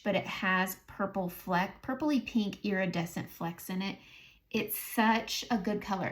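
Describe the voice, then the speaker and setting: Southern American woman, beauty vlogger, casual makeup chat, talks to herself as she works, slight vocal fry. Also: medium pitch. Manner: chatty, thinking aloud, self-talk while applying makeup.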